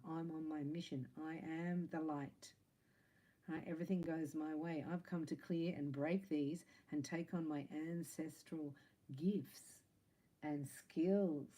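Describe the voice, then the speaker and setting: Woman doing a laid back spiritual reading, low voice, warm tone, chatty and jokey. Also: slightly rough, poor audio. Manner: chatty, laughing, playful asides. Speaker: psychic tarot reader. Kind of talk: casual spiritual reading to camera.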